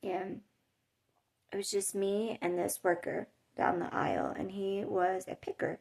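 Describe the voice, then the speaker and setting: A woman's voice: mid-range voice, steady tone, measured pace, vocal fry, darkish tone, slightly rough. A woman vlogging about her life with chronic illness, telling stories in a chatty, rambling way with little laughs. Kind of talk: casual storytelling to camera. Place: home in a hot desert area.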